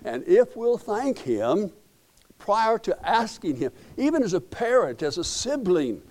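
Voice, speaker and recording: A man's voice: high-pitched, big pitch swings, a little slow, a little mellow. A middle-aged man, preaching a sermon as pastor in a folksy storytelling way, often repeating and restarting words.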